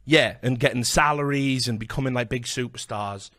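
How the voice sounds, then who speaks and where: Welsh man, young, mid-pitched, sweary, laughing anecdote, dry close mic. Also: normal speed, a bit bright, no echo. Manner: swearing, laughing, acts out quoted voices. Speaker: podcast host. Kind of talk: casual storytelling chat.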